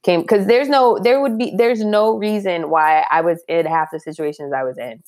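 A woman's voice: lowish voice, moderate pace, a little mellow. A young woman guest in a casual chat, talking candidly and reflectively in casual slang.

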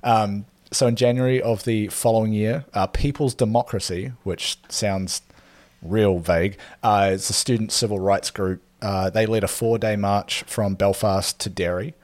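Low-voiced rambling man on a podcast. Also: fairly even intonation, moderate pace, a little mellow, no room sound. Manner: rambling, filler-heavy, laughs often. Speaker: podcast co-host presenting history. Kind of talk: casual podcast chat.

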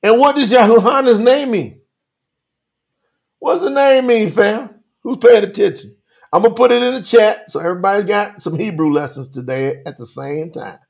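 A man preaching on a live stream, animated, calling out to viewers by name and reading scripture slowly for emphasis. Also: high voice, gravelly. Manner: Southern-style 'y'all' address, drawn-out emphatic reading. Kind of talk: livestream sermon reading scripture.

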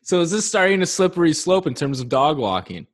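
A young man co-hosting a podcast, teasing his partner and reading out odd news stories in a dry, deadpan way. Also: fairly high pitch, brisk. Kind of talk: casual comedic chat.

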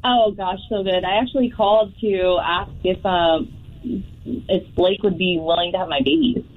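A woman's voice: medium pitch, moderate pace. A woman calling in to a radio show, playful and teasing. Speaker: caller. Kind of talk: casual radio call-in chat. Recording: tinny phone line.

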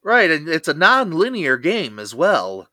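Male co-host, steady and informative, bright voice, dry sound. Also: on the high side, measured pace, no echo. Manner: steady, informative, guides the segments. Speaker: podcast co-host. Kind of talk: casual chat.

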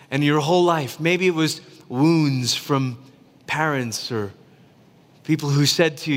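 A man from Malaysia preaching a sermon in a lively, conversational way, acting out quotes as he goes. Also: a little high, unhurried, big-room sound. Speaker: pastor.

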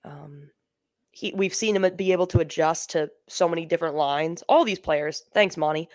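A woman's voice: sits low, moderate pace, darkish tone, dry recording, clean studio sound. A woman co-hosting a sports podcast, chatting casually and joking, with lots of ums and restarts. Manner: joking, rambling, frequent ums. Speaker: podcast co-host. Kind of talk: casual chat.

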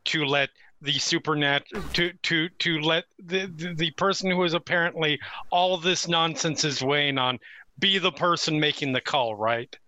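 A man's voice: fairly high pitch, normal speed, bright, forceful tone, dry recording. A man playing a tabletop game, swearing freely and making exasperated asides. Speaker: player. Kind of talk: casual tabletop play.

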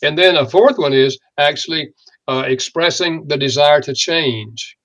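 A man's voice: a little high, a little slow, lo-fi sound. Older man telling anecdotes about apologies. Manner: acts out quoted apologies in lively storytelling. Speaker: marriage counselor and author. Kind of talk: conversational teaching with anecdotes.

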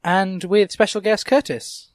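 A man's voice: on the high side, lively intonation, fairly quick, no room sound. A young man hosting a podcast in casual chat, joking and laughing often. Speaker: podcast host.

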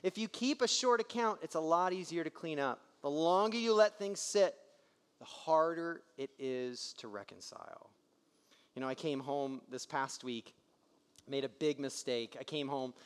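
A man's voice: mid-range voice, normal speed, smooth, big-room sound. A man in his thirties preaching a sermon, telling family stories and acting out the voices of the people in them. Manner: animated storytelling, acts out quoted voices. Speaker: pastor.

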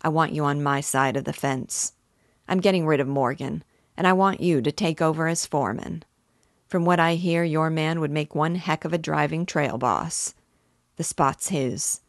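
Woman reading as a smooth scheming cattle baron. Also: sits low, moderate pace, no echo, clean studio sound. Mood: persuasive. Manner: smooth, persuasive. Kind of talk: reading a novel aloud.

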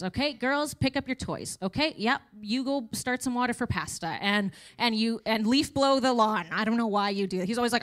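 A woman's voice: on the high side, a little fast, hardly any pauses, a bit bright. A woman in her thirties giving a casual, chatty testimony at church, with self-deprecating asides. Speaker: church speaker sharing testimony.

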